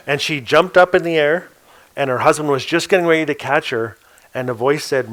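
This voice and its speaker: Animated male storyteller. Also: fairly high pitch, brisk. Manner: animated, acts out the people in his stories. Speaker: author and storyteller on a panel. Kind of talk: oral storytelling to a live audience.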